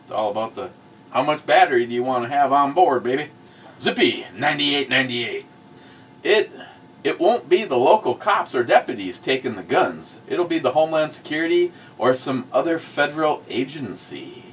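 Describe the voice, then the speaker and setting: A middle-aged man hosting a casual talk show, blunt and profane, swinging from muttered asides to loud outbursts. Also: medium pitch, sing-song, normal speed, far from the mic, slight background noise. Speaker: host of a review show.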